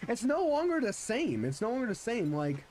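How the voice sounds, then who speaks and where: A man's voice: extremely high pitch, huge pitch swings, a little fast, a little mellow, a little hiss or hum. A young man streaming a game, chatting casually and rambling with many restarts. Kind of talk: casual chat while gaming.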